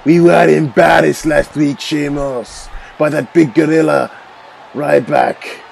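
A man's voice: on the high side, fairly even intonation, slow pace, vocal fry, darkish tone, some chatter behind, slight background noise, heavily acted, rough recording. A man doing a taunting, arrogant wrestler. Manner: mocking, taunting. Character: arrogant male wrestler, scornful and mocking. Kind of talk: video game role-play voiceover.

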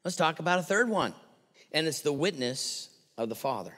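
Animated man preaching in an echoing hall. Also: on the high side, normal speed. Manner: animated, acts out quotes with playful voices. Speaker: pastor. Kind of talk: sermon. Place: church sanctuary. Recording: long hall reverb.

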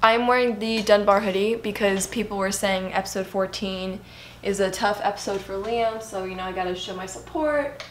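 A young woman hosting a reaction video, chattering excitedly and gasping at what she watches. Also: medium pitch, normal speed, a little hiss or hum. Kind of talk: casual reaction commentary.

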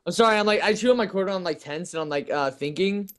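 Dude playing a game w his friend, voice kinda high, rambles, lots of um and okay. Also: a crowd in the background. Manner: rambling, quick asides, lots of ums and okays. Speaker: gaming YouTuber. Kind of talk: casual gameplay chat.

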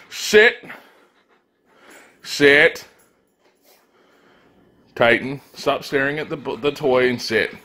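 A man's voice: fairly high pitch, fairly bright tone, no echo. A young man chatting casually to the camera as a vlogger, loose and talkative. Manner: loose and chatty, with frequent "uh" fillers. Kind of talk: casual vlog chat. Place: home and car.

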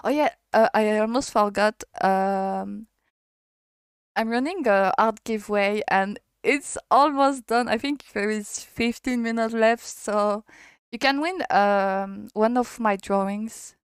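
Slow, halting French woman streamer. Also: mid-range voice, clear, resonant tone, dry recording, clean studio sound. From France. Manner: hesitant, halting reading with frequent laughter. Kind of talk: reading a visual novel aloud on stream.

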